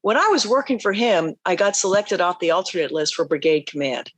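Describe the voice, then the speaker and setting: Animated, laughing woman storyteller. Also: fairly low pitch, fairly quick, dry recording. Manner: animated storyteller, laughs often, acts out quotes. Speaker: podcast guest. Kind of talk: conversational interview.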